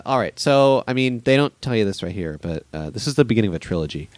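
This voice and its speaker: A man co-hosting a casual movie podcast, talking in animated, quick asides and laughing often. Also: lowish voice, dry recording. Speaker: podcast co-host. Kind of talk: casual chat.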